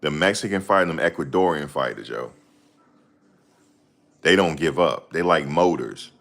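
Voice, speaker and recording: A man's voice: rumbling low, expressive, normal speed, creaky, fairly bright tone. A man in casual chat, talking in a slangy, rambling way and often searching for names. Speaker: host.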